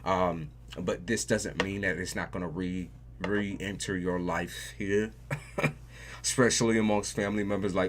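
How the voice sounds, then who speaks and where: Deep-voiced man giving a casual tarot reading. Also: moderate pace, a little hiss or hum. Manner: casual and profane, repeats phrases, emphatic. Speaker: tarot reader.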